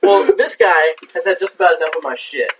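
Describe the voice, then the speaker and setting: Guy rambling thru a story, cussing a lot, kinda high voice, mic far off. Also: a little fast, background noise. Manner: profane, rambling with many fillers. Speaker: guest telling a war story. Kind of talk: casual storytelling. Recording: distant mic.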